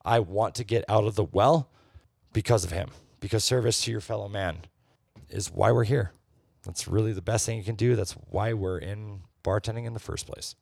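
Low gravelly man, bartender, blunt and profane; dry close sound. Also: moderate pace, darkish tone, no room sound. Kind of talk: casual podcast chat.

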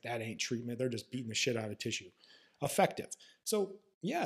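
A man speaks in a mid-pitched, somewhat husky voice, hosting a podcast monologue. He is blunt and profane, with a sarcastic edge. He talks like a manual therapist lecturing his peers.

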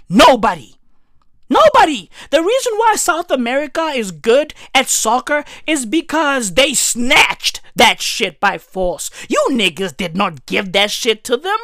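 Loud ranting young South African woman. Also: high voice, very animated, measured pace, no echo, clean studio sound. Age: young adult. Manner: loud, profane, emphatic, often shouting. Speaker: comedian. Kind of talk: comedic rant.

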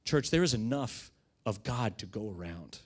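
A middle-aged pastor preaching a sermon, telling stories conversationally and swelling into emphatic proclamation. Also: male voice, on the low side, expressive, moderate pace, slightly rough.

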